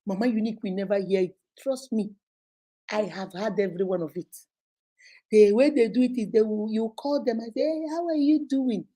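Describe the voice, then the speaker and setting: With a warm, medium-pitched voice and a slightly quick pace, a Nigerian woman leads a casual live advice chat. She's animated, laughing frequently as she plays out phone conversations.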